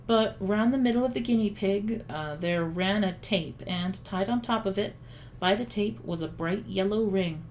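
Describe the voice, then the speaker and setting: Woman reading a kids book aloud, calm n even, mid voice. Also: mid-range voice, moderate pace, slight background noise. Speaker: audiobook reader. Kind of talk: storybook narration.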